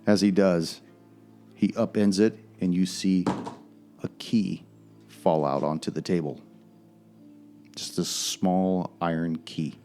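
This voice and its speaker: A man narrating as game master of a tabletop game, with measured, descriptive storytelling. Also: low-pitched, fairly even intonation, dark tone, soft background music.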